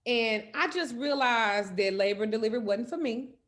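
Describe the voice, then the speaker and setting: A woman telling a comedic story in animated, loud, profane style. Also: on the high side, normal speed. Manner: animated, loud, cursing freely. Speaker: host.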